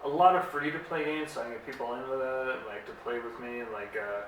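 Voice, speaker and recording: A man's voice: medium pitch, steady tone, fairly quick, a bit bright. A young man co-hosting a casual comedy podcast, playful and teasing in a loose, jokey way. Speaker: podcast co-host. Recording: very echoey room, distant mic, faint hiss.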